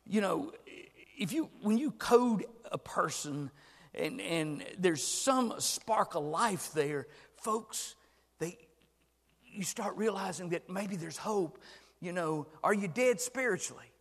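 Older preacher with a high voice, hall reverb. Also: male voice, animated, a little slow. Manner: impassioned, swings from hushed to shouting. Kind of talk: sermon.

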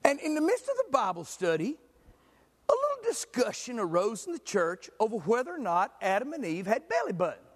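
Male preacher, high and lively, storytelling sermon in a reverberant church hall. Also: brisk, slightly rough. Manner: animated storytelling, jokes with the congregation.

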